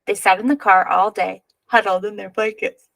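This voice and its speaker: A woman reading a picture book aloud with expressive storytelling. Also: mid-range voice, moderate pace, gravelly, no echo, low-quality recording. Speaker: reader.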